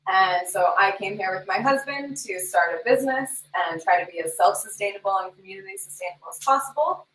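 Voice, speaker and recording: A woman's voice: medium pitch, animated, fairly bright tone. A woman from the United States, a scuba instructor, talking earnestly about protecting the ocean. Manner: earnest, enthusiastic, halting restarts. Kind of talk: interview. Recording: echoey and distant mic.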